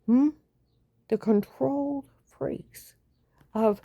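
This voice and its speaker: A woman in a rambling, agitated monologue that swings between loud outbursts and low whispers. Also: big pitch swings, unhurried, no echo, clean studio sound. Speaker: vlogger.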